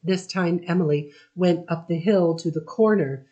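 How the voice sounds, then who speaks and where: A woman reading a novel aloud as an audiobook narrator, measured and steady. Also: fairly low pitch, muffled recording. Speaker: audiobook reader. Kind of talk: scripted narration.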